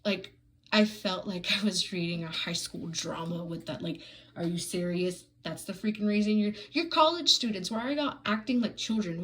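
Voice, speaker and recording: Woman reviewer, mid-pitch, ranting with exasperated sarcasm, casual and full of fillers. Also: a bit bright, low-quality recording. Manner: frequent "like" fillers and restarts. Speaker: book reviewer.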